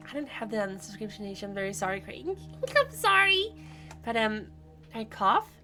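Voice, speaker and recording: A woman game streamer chatting casually with her audience. She teases viewers playfully, laughing often. Her voice sits at an everyday middle pitch, with soft music playing faintly in the background. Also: quick pace. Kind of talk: casual live-stream chat.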